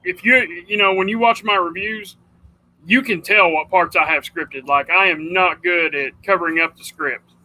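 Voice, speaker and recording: A man's voice: high voice, moderate pace, sharp tone, poor audio. A man hosting a casual livestream chat, rambling and chatty, often calling people dude. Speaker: livestream host.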